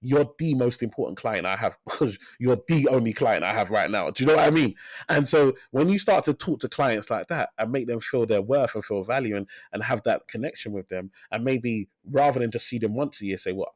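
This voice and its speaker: Energetic man telling his story, dry sound. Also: mid-range voice, a little fast, dry recording. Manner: energetic storyteller, repeats phrases for emphasis. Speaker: financial advisor, podcast guest. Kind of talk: casual interview talk.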